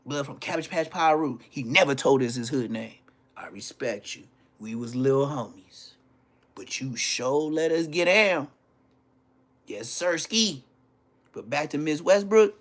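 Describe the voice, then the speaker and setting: A man telling profane, animated stories from his school days on a casual livestream, laughing as he goes. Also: on the high side, unhurried. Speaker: livestream host. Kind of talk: casual storytelling.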